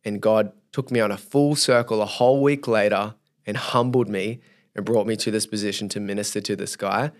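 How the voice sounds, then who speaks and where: A young man, a youth leader appearing as a podcast guest, tells a story in a slightly low voice at a somewhat quick clip. He's an animated storyteller who acts out his own inner thoughts as he goes.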